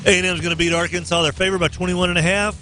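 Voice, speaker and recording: A man's voice: level tone, racing, music in the background. A man hosting a morning radio show, joking through sports updates and live ad reads in a bouncy, playful way. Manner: jokey, bouncy delivery with swings in pitch.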